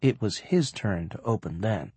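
A man narrating an audiobook in an expressive way, voicing the characters as he reads. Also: on the low side, normal speed, slightly rough, no room sound.

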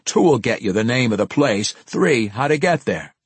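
A man's voice: mid-range voice, lively intonation, normal speed, husky, dry recording. A man voicing a sly, smug male gate guard who drawls his lines.

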